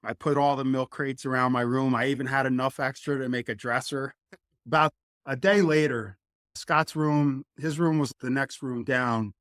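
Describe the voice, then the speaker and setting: A middle-aged man from New Jersey, a former college football lineman, telling stories as a guest in a casual interview, lively, acting out quotes. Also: medium pitch, moderate pace, no echo, studio quality. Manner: animated, acts out quotes.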